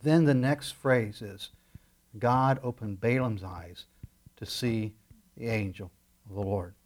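A man preaching a sermon as pastor, swinging between loud emphatic lines and quiet asides. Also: on the low side, takes it slowly.

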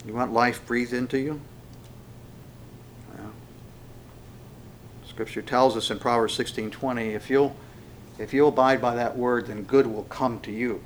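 A man of middle pitch preaches a conversational sermon. His talk is loose and folksy, with frequent fillers and restarts. When he quotes the verses, he slows down and lifts his voice. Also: fairly even intonation, slight background noise. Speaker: pastor. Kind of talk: conversational sermon with scripture reading.

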